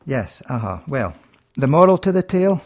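Scottish man, minister, radio host, jovial, punning, mid-pitched voice. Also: normal speed, gravelly. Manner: jovial, punning, lively delivery. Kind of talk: humorous radio talk with jokes.

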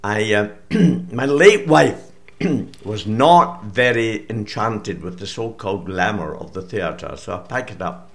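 An older Scottish man, an author and broadcaster, chatting homely in an interview and telling a story with frequent throat-clearing. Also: lowish voice, expressive, slow.

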